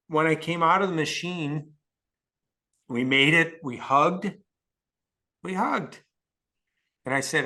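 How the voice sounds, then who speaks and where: A man's voice: mid-range voice, sharp tone. A man as a podcast guest telling an emotional personal story in an earnest way, often restarting his sentences.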